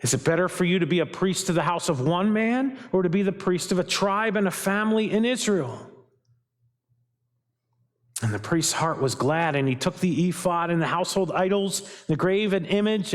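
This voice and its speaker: A man's voice: sits high, lively intonation, normal speed, long reverb tail. A man preaching a sermon as pastor, emphatic and fond of asking his congregation rhetorical questions, recorded in a church. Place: church sanctuary.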